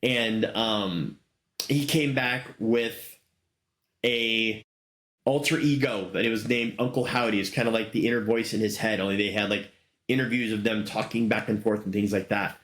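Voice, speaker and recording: A man's voice: fairly low pitch, fairly even intonation, moderate pace, fairly bright tone. Enthusiastic middle-aged male host, roomy sound. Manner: enthusiastic, rambling with fillers. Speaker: podcast host. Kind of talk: casual solo commentary. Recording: roomy echo.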